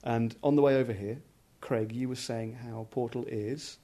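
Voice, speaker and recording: A man hosts a podcast in a studio, rambling and chatty, restarting his sentences often. His voice is dark and mellow, at a middling pitch. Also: steady tone, moderate pace. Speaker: podcast host, magazine editor. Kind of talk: casual studio chat.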